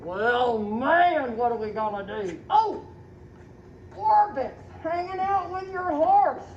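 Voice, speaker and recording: A woman hosting a community video, talking in a teasing, animated way to a man and a set of stuffed toys. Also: high voice, slow pace. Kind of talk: playful skit narration. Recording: echoey, dull, faint background noise.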